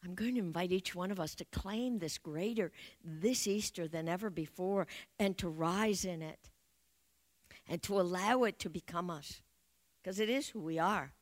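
A woman with a lowish voice gives an Easter sermon as a spiritual teacher. She speaks in slow, affirming and prayerful phrases.

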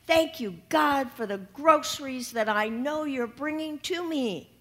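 A woman voicing a devout woman who loudly thanks God on her porch, fervent and declaiming. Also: fairly high pitch, measured pace.

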